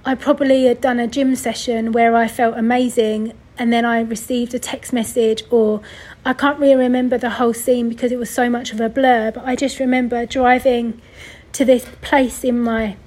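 A young woman tells her own story on her podcast, her voice a little high and breathy. She sounds tearful, sighing often and rambling, with many restarts and corrections. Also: flat delivery, normal speed, darkish tone, poor audio. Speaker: podcast host. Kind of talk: personal storytelling.

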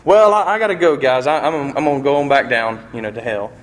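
A man's voice: mid-range voice, a little fast, natural voice. A man voicing a flustered, stammering man who keeps hesitating, within a sermon story. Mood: reluctant.

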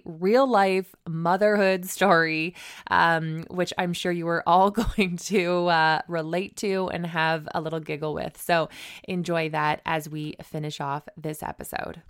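A woman's voice: fairly low pitch, clear, resonant tone, dry recording, studio quality. A woman hosting a podcast, reading an upbeat voice-over that addresses listeners directly. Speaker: podcast host. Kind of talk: scripted voice-over narration.

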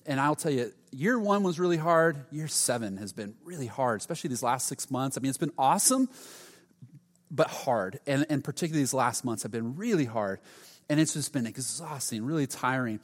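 A middle-aged male pastor preaching a sermon, telling stories with sudden loud outbursts. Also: medium pitch, animated, brisk. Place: church sanctuary. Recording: long hall reverb.

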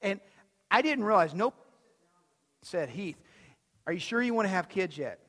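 A man with a high voice preaches a sermon, telling stories in a loose, conversational way and asking his listeners questions along the way. His words ring out with a long reverb, as in a church sanctuary. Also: animated, normal speed, fairly bright tone. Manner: conversational storytelling, asks the crowd questions. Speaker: pastor.

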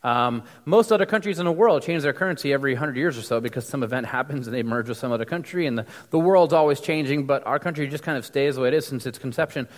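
A man's voice: mid-range voice, quick pace, hardly any pauses, long reverb tail. A man from the United States giving a casual, conversational sermon with many fillers and restarts. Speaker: preacher.

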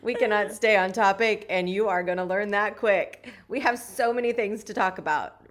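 A woman's voice: mid-range voice, moderate pace. A woman co-hosting a casual podcast, chatty and slangy, laughing often. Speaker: podcast co-host. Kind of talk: casual chat.

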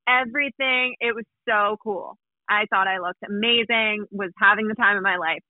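A woman's voice: medium pitch, moderate pace, no room sound, phone-quality sound. A young woman in casual chat, telling an embarrassing story about herself with self-mocking humor.

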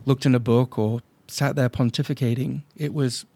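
A drone company owner appears as a guest on a casual podcast interview, speaking in a mid-range, steady, moderately paced voice that is gravelly and darkish, with no room sound. He tells blunt, emphatic stories and acts out his clients' lines.

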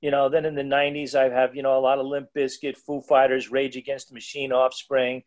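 A man's voice: mid-range voice, flat delivery, brisk. Rambling, digressive male storyteller. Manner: rambling, digressive, many restarts. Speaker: music DJ at powerlifting meets. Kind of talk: casual podcast storytelling.

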